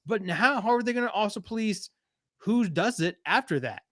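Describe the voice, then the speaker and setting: A man's voice: sits high, expressive, normal speed, pushed and bright, dry recording, studio quality. A man from Texas, co-hosting a podcast and ranting in a casual, profane, joking way about sports. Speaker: podcast co-host.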